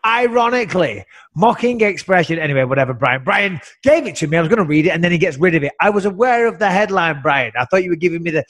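Sarcastic English man, slightly high voice. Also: expressive, fast talker, fairly bright tone. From England. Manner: sarcastic, rambling storyteller. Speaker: podcast co-host. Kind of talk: casual podcast chat.

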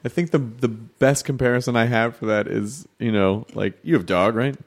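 A man chatting casually on a podcast, rambling and restarting, now and then acting out quotes in a high voice. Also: normal speed.

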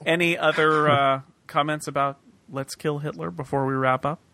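A man's voice: a little high, steady tone, moderate pace, bright, forceful tone, dry recording. A man hosting a podcast, chatting casually over a voice call and trailing off with fillers. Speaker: podcast host. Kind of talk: casual chat. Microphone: computer mic on a voice call.

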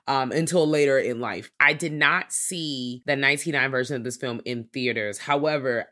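Low-voiced woman in casual podcast chat. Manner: animated storytelling, acts out relatives with high squeals, swears freely. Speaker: podcast co-host.

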